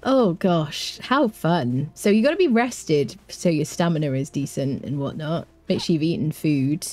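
A woman giving casual gameplay commentary, excitable and humming little tunes as she plays. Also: deep voice, unhurried. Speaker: gameplay streamer.

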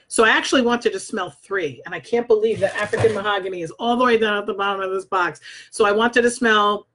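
Married woman vlogging scent reviews, blunt and chatty, swears a lot, reads the labels out loud. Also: medium pitch. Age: adult, married. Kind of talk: casual product review vlog. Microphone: own microphone.

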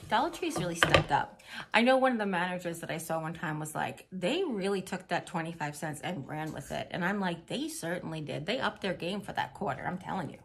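A woman's voice: lowish voice, lively intonation, a little fast, a little hiss or hum. Chatty, upbeat woman showing off a haul. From Missouri. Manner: chatty, upbeat and giggly, with rambling asides. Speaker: vlogger. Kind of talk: casual haul vlog chat.

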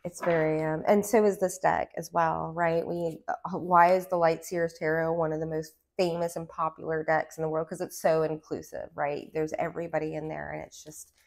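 A woman giving a casual tarot reading to her viewers, with a low voice and a gravelly, fried edge. She rambles in loose asides, studded with "like," in a breezy valley-girl lilt. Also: level tone, moderate pace, hardly any pauses. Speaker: tarot reader.

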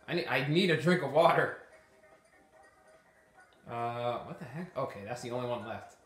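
A man's voice: mid-range voice, moderate pace, pauses often, a bit bright. A man giving casual let's-play commentary, exasperated and talking to himself as he plays. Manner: exasperated, talks to himself while playing. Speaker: gameplay commentator. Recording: echoey room with game music behind.

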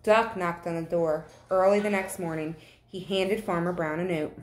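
A woman teacher reading a picture book aloud to children, with expressive, animated storytelling. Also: lowish voice, normal speed. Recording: echoey room.

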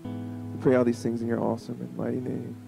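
A man leading worship in a church, praying fervently and quickly. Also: medium pitch, completely flat delivery, creaky, rough recording. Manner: fervent, fast prayer. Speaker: worship leader. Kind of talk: closing prayer over music. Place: church sanctuary. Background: guitar music.

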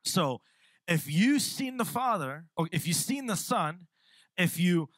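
A young man preaching a sermon in a church on a microphone, lively and quick to laugh, often repeating his words as he goes. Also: high-pitched, no echo. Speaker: pastor. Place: church sanctuary. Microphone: handheld or stand mic.

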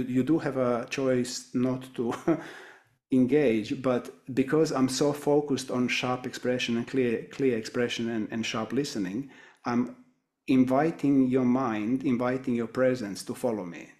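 Calm man teaching with rhetorical questions. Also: medium pitch. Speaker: webinar teacher. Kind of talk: teaching webinar talk.

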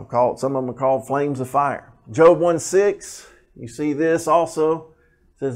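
A man preaching a sermon, reading scripture aloud and explaining it with animated, rising emphasis and asides. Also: mid-range voice.

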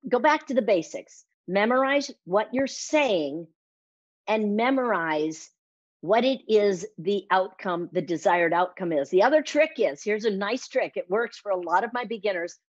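A woman speaking coach, appearing as an interview guest, talks with lively energy and acts out little quotes in shifting voices. Her mid-range voice is unhurried. The recording is dry and muffled.

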